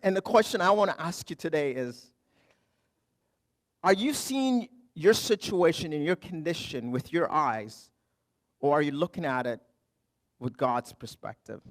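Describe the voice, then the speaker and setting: A middle-aged man, a pastor, preaching a conversational sermon, telling stories with humor and moving from quiet lows to loud emphatic highs. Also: expressive, measured pace, pauses often. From Canada.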